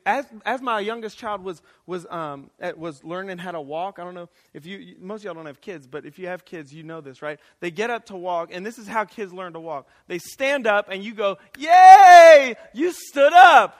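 A man in his thirties, with a high voice, gives a chapel sermon in a loose, conversational way. He drops to quiet asides and then rises to shouts. Long reverb rings through the hall. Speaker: chapel speaker. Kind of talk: lively sermon. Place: college chapel.

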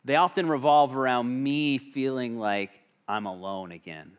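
A man's voice: mid-range voice, a little slow, clear, resonant tone. A man preaching a sermon as a pastor, talking conversationally and asking the congregation questions.

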